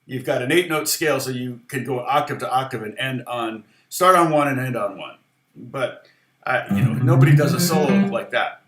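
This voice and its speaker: In an echoey room, a middle-aged man with a medium-pitched voice gives a casual guitar lesson over livestream at a moderate pace. He's chatty and rambling, full of fillers and restarts.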